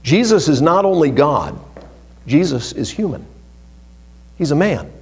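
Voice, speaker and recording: A man preaching a sermon to his congregation. He reads scripture aloud with emphasis and swings between loud, stressed phrases and hushed, low asides. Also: very animated, unhurried. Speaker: pastor.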